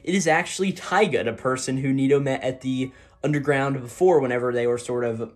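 A man's voice: mid-range voice, brisk. A man hosting a casual recap, talking in loose, rambling sentences full of fillers and paraphrased quotes. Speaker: manga discussion host.

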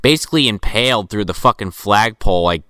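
A man's voice: mid-range voice, expressive, moderate pace, sharp tone, clean tone, no room sound. A man in casual chat, dry and wry, poking at a movie's effects.

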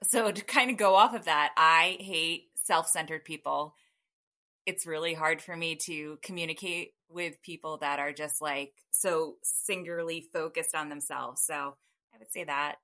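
A woman's voice: sits low, moderate pace, pushed and bright. A woman chatting as a guest over a call, rambling with fillers and laughing often. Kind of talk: casual chat. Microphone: call audio.

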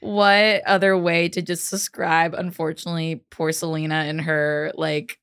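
A woman guesting on a podcast in casual chat, animated and full of fillers. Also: deep voice, a little slow, clean tone, no room sound. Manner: animated, laughing, filler-heavy.

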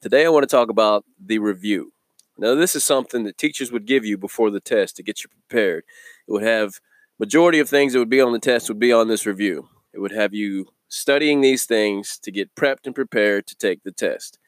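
A man hosting a daily devotional video, teaching from the Bible in a relaxed, conversational way and chuckling between thoughts. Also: fairly low pitch, fairly quick, no echo, studio quality.

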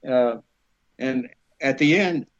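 A man's voice: medium pitch, slow pace. A man, an actor, telling stories casually as a podcast guest, laughing through them and acting out other people's lines in raised voices. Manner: lively storyteller who acts out others' lines in raised voices. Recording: dull lo-fi sound.

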